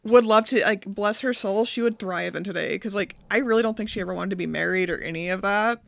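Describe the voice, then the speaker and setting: Gravelly woman, candid and profane. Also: mid-range voice, fast, dry recording. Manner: candid, profane, dark-humored storytelling. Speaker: podcast guest. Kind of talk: casual chat.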